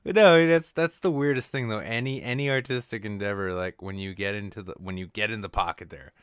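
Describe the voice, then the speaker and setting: A young man hosting a podcast, talking in a rambling, animated way, full of fillers and swearing. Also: lowish voice, fairly quick, clear, resonant tone, no room sound, clean studio sound. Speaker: podcast host. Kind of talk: casual chat.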